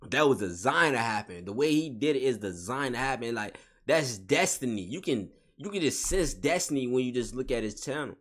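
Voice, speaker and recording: A man's voice: medium pitch, animated, fairly quick, few pauses. A man giving a spiritual motivational monologue in casual slangy talk, repeating and restating each phrase with emphasis. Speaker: vlogger.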